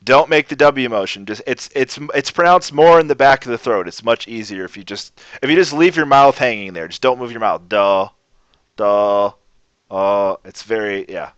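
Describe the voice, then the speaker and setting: A man teaching a language lesson on a livestream, in a relaxed, rambling way, often restarting his sentences. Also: medium pitch, a little fast, hardly any pauses, no echo. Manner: relaxed, rambling, self-correcting. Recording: dull lo-fi stream audio.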